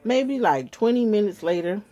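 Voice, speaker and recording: A woman vlogger, telling a story straight to her viewers in an animated, casual way. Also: medium pitch, moderate pace.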